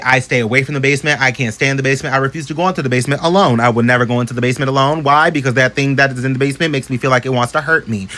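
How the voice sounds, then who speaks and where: A man telling a spooky story to camera in an animated, chatty, profane way. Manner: animated, profane, chatty, swings into high voices for others.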